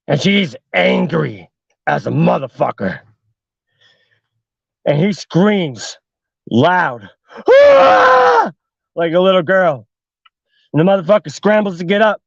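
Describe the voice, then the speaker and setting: Host, male, high-ish gravelly voice, profane casual horror storyteller, dull dry livestream audio. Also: no echo. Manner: heavy swearing, fillers like "like". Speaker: podcast host.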